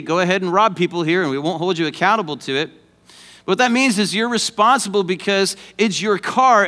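A man's voice: high voice, bright, forceful tone. A man preaching a sermon as pastor, conversational and joking, then rising to emphatic points.

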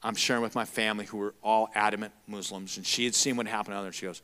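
A man preaching a sermon, telling a story in an animated, emphatic way. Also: lowish voice, fast, hardly any pauses.

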